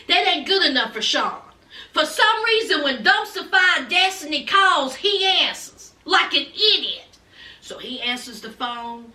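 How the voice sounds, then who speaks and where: A woman's voice: very high voice, sharp tone, reverberant, distant mic. A woman giving a sassy, dramatic recap of a reality show and addressing her viewers directly.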